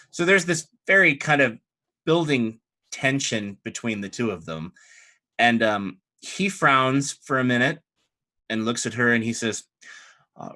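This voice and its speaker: A man narrating a tabletop roleplaying game as game master, describing scenes in a relaxed way. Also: mid-range voice, measured pace.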